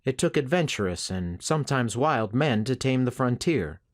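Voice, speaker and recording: A man narrating a first-person western novel as an audiobook, in a steady, measured storytelling manner. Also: medium pitch.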